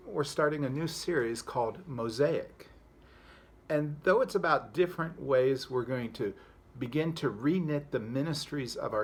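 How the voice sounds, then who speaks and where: Man telling a relaxed devotional story. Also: mid-range voice, breathy edge. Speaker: pastor. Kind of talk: devotional talk.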